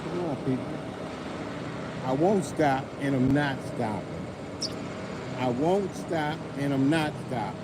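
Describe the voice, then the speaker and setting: A man's voice: mid-range voice, slow pace, long pauses, heavy background noise. A man, a cab driver, ranting on a live stream and repeating himself over and over for emphasis. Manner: repetitive, emphatic, self-described loud mouth. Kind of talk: angry live-stream rant.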